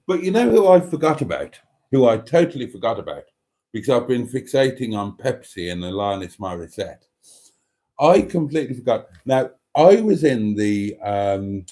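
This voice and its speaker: Man, middle-aged, livestream host, chatty, rambling, warm dark tone. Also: on the low side. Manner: chatty, rambling, cheeky asides. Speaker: livestream host reading chat. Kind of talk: casual chat.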